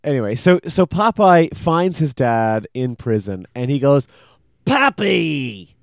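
A man co-hosting a casual podcast who tells a story in a rambling, animated way. His voice sits at a middle pitch. The sound is dry and close. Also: measured pace, smooth, dry recording. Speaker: podcast co-host. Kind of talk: casual chat.

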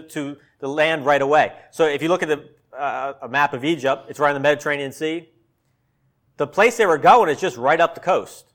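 A man's voice: on the high side, a bit bright. A man preaching a sermon in a conversational way, acting out quotes with a sarcastic tone. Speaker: pastor.

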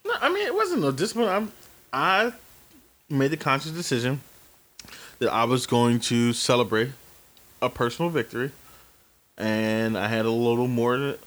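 A man's voice: mid-range voice, normal speed, pauses often. A man in his early forties, co-hosting a casual chat, telling stories with lots of swearing and acting out the dialogue himself. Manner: animated storyteller, swears freely, acts out dialogue. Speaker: podcast co-host.

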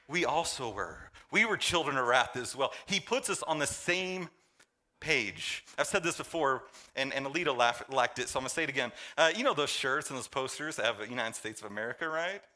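A male pastor preaching a sermon, joking with the congregation and swinging between loud emphasis and quiet intensity. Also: medium pitch, animated, a little fast.

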